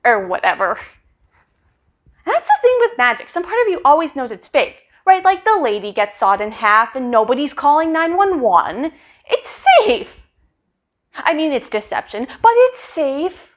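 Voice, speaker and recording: A woman's voice: sits high, big pitch swings, moderate pace. A woman performing a dramatic monologue in a wry, conversational, hesitant way.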